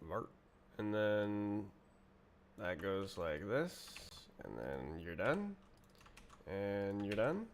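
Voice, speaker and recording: A man streaming himself writing code, muttering to himself, puzzled and halting, with keyboard typing behind him. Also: on the low side, big pitch swings, a little hiss or hum. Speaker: streamer coding live. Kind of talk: casual livestream coding chat.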